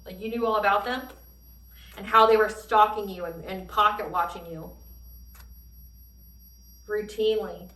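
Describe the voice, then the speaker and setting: A woman giving a casual tarot reading in an animated way, swearing freely and laughing often. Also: medium pitch, measured pace, pauses often, echoey room, far from the mic, poor audio. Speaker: tarot reader.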